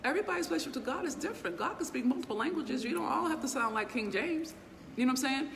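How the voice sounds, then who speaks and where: A middle-aged woman with a fairly high voice delivers a motivational livestream talk, emphatic and blunt, with casual profanity and constant rhetorical check-ins. Her voice rings with a long reverb. Faint background noise sits behind her. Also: lively intonation, rapid-fire, vocal fry, fairly bright tone. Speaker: inspirational speaker and business mentor.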